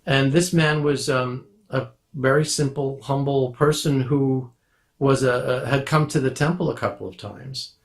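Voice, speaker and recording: Guy with a normal mid voice, calm measured storytelling. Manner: measured, drops to a soft low voice. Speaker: disciple recalling his teacher. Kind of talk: reminiscing anecdote.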